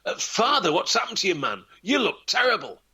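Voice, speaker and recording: A man's voice: sits high, wildly swooping pitch, brisk, bright, forceful tone, breathy edge, voice pushed up, exaggerated voice. A man doing a blunt young lad. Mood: concerned. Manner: blunt, commanding. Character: bold young man, stern, protective son.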